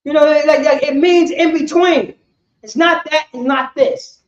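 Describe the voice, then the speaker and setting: Male street teacher, high voice, rambling talk, dull echoey recording. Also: a little slow. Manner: rambling, keeps saying "you know what I'm saying". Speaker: religious teacher. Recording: echoey room, dull lo-fi sound.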